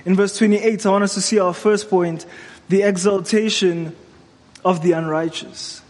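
Earnest high-voiced male preacher. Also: steady tone, in a large hall. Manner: earnest, exhorting, measured. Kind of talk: sermon.

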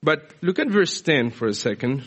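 A man's voice: on the high side, sing-song, moderate pace, fairly bright tone, slightly rough. A man from South America preaching a sermon in a conversational, explanatory way with frequent restarts.

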